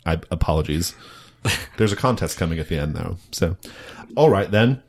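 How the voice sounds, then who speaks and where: A man's voice: low-pitched, expressive, normal speed, creaky, a little mellow. A man hosting a casual podcast, teasing his co-hosts and laughing often. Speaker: podcast host. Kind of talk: casual chat.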